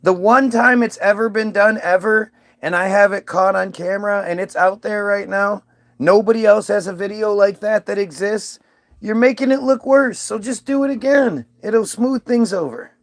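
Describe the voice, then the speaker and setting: A man's voice: high-pitched, moderate pace, no room sound. A man chatting casually with an AI, insistent and coaxing. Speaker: streamer talking to an AI. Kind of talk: casual chat.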